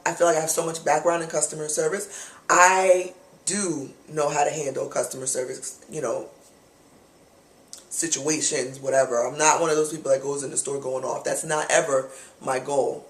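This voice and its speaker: A man telling a customer-service complaint story to camera as a vlogger, animated, exasperated and blunt with casual profanity. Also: on the high side, reverberant.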